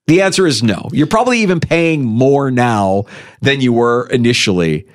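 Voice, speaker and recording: Male sports talk host, lively and chatty, mid-pitched, argues with rising pitch. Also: moderate pace. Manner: animated, jumps in pitch when making a point. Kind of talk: casual sports radio chat. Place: radio studio.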